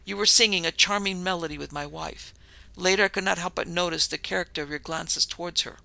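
A man voicing a sinister, disfigured nobleman in an audiobook, speaking with measured, coldly polite menace. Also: sits high, fairly even intonation, gravelly, pushed and bright, no echo, heavily acted. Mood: menacing. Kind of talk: audiobook narration.

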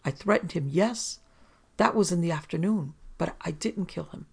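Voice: medium pitch, moderate pace, gravelly, slightly rough. A narrator voicing a frightened, desperate American gambler in an audiobook, speaking unsteadily. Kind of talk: audiobook character reading.

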